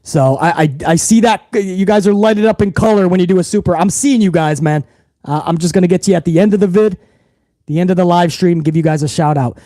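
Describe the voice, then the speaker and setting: A man hosting a wrestling livestream talks casually and profanely straight to his viewers. His high-pitched voice is brisk and mellow, with no room sound.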